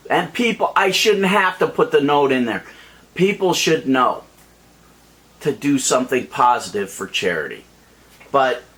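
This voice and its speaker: High-voiced man ranting, exasperated. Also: a bit bright. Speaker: YouTube vlogger. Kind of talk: ranting vlog monologue.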